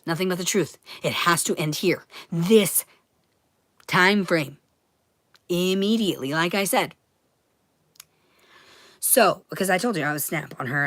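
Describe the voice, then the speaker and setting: A frantic woman rants in a low voice, cursing freely. She lurches from loud outbursts to hushed whispers. The sound is dry and close. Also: no echo. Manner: profane, swings between loud ranting and hushed whispers. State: agitated, frantic. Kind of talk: rambling monologue to camera.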